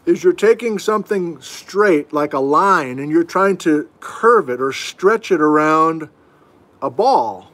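A middle-aged man with a fairly high voice talks through a relaxed geology lesson streamed from his house. He chats easily and folksily, and he pokes fun at himself as he answers viewers. It sounds like a webcam or desk mic in a home room. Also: slow pace. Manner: chatty, folksy, self-deprecating asides. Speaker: geology instructor hosting a livestream. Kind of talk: casual livestream lesson answering viewer questions. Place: at home, indoors.

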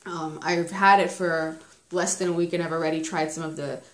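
Her deep, steady voice moves at a moderate pace, and the recording has roomy echo. This young woman, a parenting vlogger doing a book review, speaks casually and openly, laughing a lot while telling stories about her kids.

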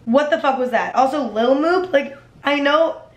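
A young woman talks through a casual vlog in a slightly high voice, full of sarcastic, self-deprecating asides and frequent swearing. Her voice rings off the walls of an echoey room. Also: normal speed, highs cut off. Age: young adult. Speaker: vlogger.

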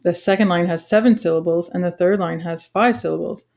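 A woman in her forties with a lowish voice explains a lesson to her students. She talks casually, pausing on ums and correcting herself as she goes. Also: creaky. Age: 40s. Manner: relaxed, many ums and self-corrections. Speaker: teacher.

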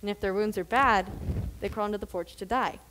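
A student actress playing Claire, a troubled, blunt younger sister, on a school theatre stage. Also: female voice, mid-range voice, fairly even intonation, a little fast, fairly bright tone, close to an everyday voice, poor audio. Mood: flat. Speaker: student actor. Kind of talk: high school stage play. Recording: live stage audio with faint noise.

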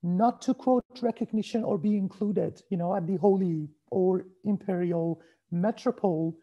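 A man giving a formal university lecture over a video call, reading his prepared text in a measured way and asking for the next slide. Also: high voice, dark tone, highs cut off. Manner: measured, formal delivery that asks for slide changes.

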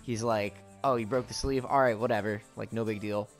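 A man's voice: on the low side, fairly even intonation, fairly quick. A young man casually telling a rambling story, full of fillers and swearing, while playing a game with friends. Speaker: let's play co-host. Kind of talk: casual storytelling over gameplay. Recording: game music faintly behind.

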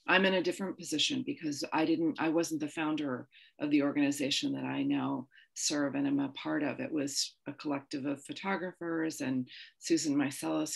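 Woman, panel chair, husky voice, vocal fry, thoughtful questions, video call. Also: low voice. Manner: thoughtful, posing open questions. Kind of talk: online panel discussion.

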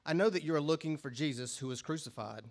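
A man's voice: on the high side, fast talker. Man reading scripture at a church service. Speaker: scripture reader. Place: church sanctuary.

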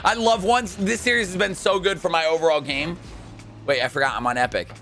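A young man in casual, jokey gameplay commentary, excitable and quick to shout and laugh. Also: high-pitched, soft background music. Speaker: gaming YouTuber.

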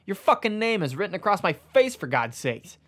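A man voicing a frustrated male book who feels unrecognized, his reading pushed up louder and more strained. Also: fairly high pitch, lively intonation, brisk, lightly acted. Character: bitter male living book, frustrated and wounded.

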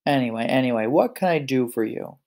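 A man's voice: medium pitch, animated, a little fast, a little mellow, close to an everyday voice. A man voicing a polite, fussy grown male wolf in a read-aloud picture book, sounding exasperated and mock-proper.

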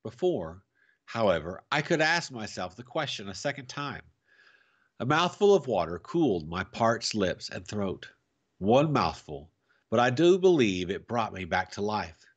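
A man reading a classic adventure novel aloud for families, with a dramatic, expressive delivery. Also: lowish voice, a little slow, muffled recording. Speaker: storyteller.

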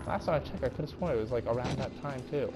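A man's voice: medium pitch, quick pace, background noise. A young man commentating a horror game, jumpy and panicky, swearing and repeating "no, no" and "go, go". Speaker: let's play gamer.

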